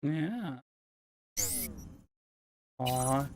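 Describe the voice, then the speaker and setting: A man streaming live, drawling along at an unhurried pace and lapsing into soft, cooing baby talk for his cat. His voice is close and dry, with no room sound around it. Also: a little high, dry recording. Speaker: livestream host. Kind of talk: casual stream chat.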